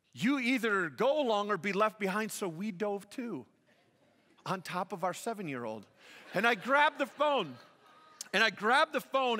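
Bright-voiced pastor in a reverberant hall. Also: male voice, high voice. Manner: animated storytelling that drops to a soft, intimate appeal. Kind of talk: sermon. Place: church sanctuary. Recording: long church hall reverb.

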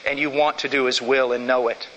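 A man's voice: mid-range voice, little pitch movement, fairly quick, bright, forceful tone, long reverb tail, dull audio, a little hiss or hum. A man preaching a sermon, emphatic, repeating key phrases to drive them home.

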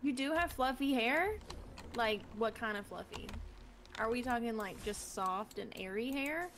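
A woman's voice: fairly high pitch, measured pace, a bit bright, a little hiss or hum. A woman streaming a video game, chatting casually and teasing her friends in a playful, giggly way. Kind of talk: casual gaming chat.

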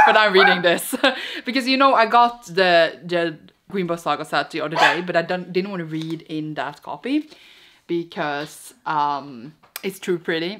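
Excitable giggly young woman. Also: mid-range voice, slight background noise. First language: Norwegian. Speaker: vlogger. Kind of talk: casual vlog chat.

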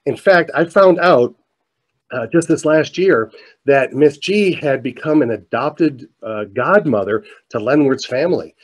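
A middle-aged man telling a story in a keynote talk, animated, his voice climbing as he gets excited. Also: mid-range voice, measured pace. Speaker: motivational speaker. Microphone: presentation mic, virtual showcase.

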